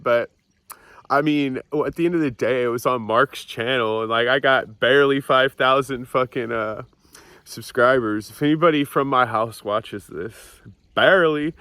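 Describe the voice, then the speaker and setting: A man's voice: medium pitch, a bit bright, no echo. A young man in a casual confessional vlog, rambling and swearing, filming outdoors on a hillside with a handheld camera. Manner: rambling, profane, self-mocking with restarts. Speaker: vlogger.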